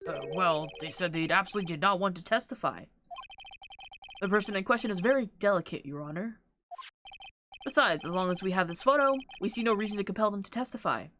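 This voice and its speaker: A woman's voice: mid-range voice, fast talker, a bit bright, slight background noise. A woman streamer playing a courtroom game, reading the characters' lines aloud and breaking off into her own comments. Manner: reads every character line aloud, breaking off with laughs and asides.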